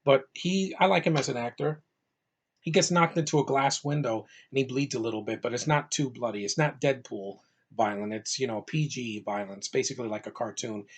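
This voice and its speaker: Man, movie reviewer, casual vlog, mid pitch, enthusiastic, rambling, lots of fillers, a bit tired. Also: fairly quick, husky.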